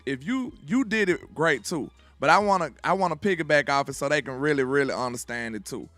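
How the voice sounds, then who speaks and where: Man, from Alabama, sports podcast host, emphatic, bright, dry sound. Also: on the high side, expressive, a little fast, no room sound, soft background music. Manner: emphatic, builds on others' points. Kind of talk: casual sports talk.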